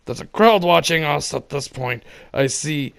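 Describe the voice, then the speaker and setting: Man, story reader, gravelly, somewhat high voice, wry asides. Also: lively intonation, measured pace. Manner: shifts from wry asides to shouted re-enactments. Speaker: reader of online stories. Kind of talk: reading a story aloud with commentary.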